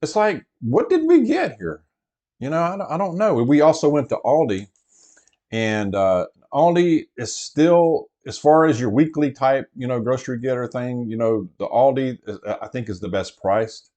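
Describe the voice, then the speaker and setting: A man in the middle range of pitch, talking casually from the cab of a truck. He rambles through his thoughts with plenty of fillers, restarts and asides, like an easygoing vlog host chatting to his regulars. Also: very animated, moderate pace, warm tone. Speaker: prepper vlogger host. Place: inside a truck.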